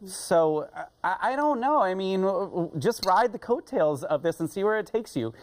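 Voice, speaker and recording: A panel guest in casual chat, musing aloud with halting restarts. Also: mid-range voice, very animated.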